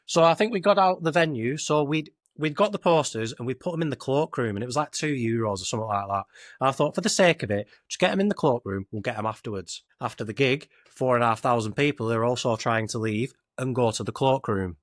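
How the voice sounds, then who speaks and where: Young Lancashire podcast host, casual rambling storyteller, dry close mic. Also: male voice, medium pitch, lively intonation, quick pace, no room sound. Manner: rambling anecdotal, northern dialect "I were", "it were".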